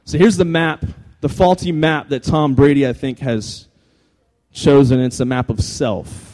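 A man giving an animated, humorous talk to a live audience. He jokes, repeats phrases and keeps calling for the crowd's attention. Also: medium pitch, unhurried. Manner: energetic, jokey, repeats phrases, calls for attention. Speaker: speaker addressing a live audience.

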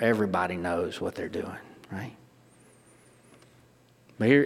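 Middle-aged man preaching in a reverberant hall. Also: mid-range voice. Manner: emphatic, with rhetorical questions and restarts. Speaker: pastor. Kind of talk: sermon.

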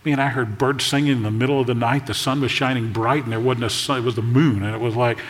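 A man in his sixties preaching a sermon, storytelling in a conversational way with jokes and quick asides. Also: medium pitch, steady tone. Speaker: pastor. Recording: long echo of a large hall.

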